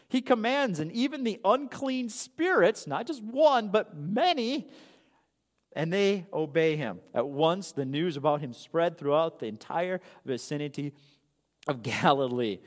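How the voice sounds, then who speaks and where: A man preaching a sermon as pastor, telling the story in an animated way with casual asides. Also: fairly high pitch, measured pace, long reverb tail.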